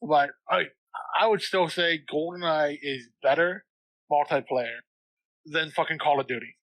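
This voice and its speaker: A man's voice: unhurried, fairly bright tone, dry recording, rough recording. A man co-hosting a podcast, chatting playfully about a movie and acting out lines. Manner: playful, acts out quotes in high voices. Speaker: podcast co-host. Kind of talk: casual movie recap chat.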